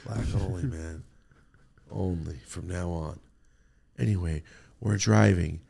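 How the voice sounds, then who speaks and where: Man, husky voice, lower pitch, animated profane storytelling. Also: takes it slowly. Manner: profane, excitable, acts out his own reactions. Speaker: podcast host telling a story.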